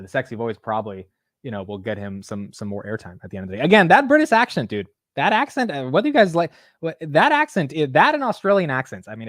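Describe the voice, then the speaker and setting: A man hosting a casual livestream of market commentary, animated and blunt, swearing casually. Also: mid-range voice, no echo, clean studio sound. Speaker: host.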